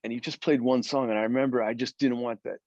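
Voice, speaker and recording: A man's voice: mid-range voice, quick pace, no echo. Rambling storytelling man, dull sound. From Philadelphia area, USA. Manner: rambling, animated storyteller with many restarts. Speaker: guest guitarist. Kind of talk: storytelling interview chat.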